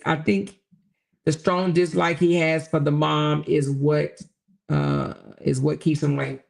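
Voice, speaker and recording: A woman hosts a solo livestream and chats plainly with her audience, reading their comments aloud. Her voice carries a rough, gravelly creak, and her delivery stays loose, colloquial and frank. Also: low voice, flat delivery, unhurried, a little mellow. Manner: chatty, addresses viewers directly, reads comments aloud; blunt and colloquial. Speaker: livestream host.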